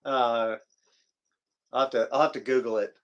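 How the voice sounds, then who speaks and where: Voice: medium pitch, fairly even intonation, moderate pace, lo-fi sound. A co-host from the US West Coast in a casual live chat from home, playful and joking. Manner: playful, jokey, reads lyrics aloud.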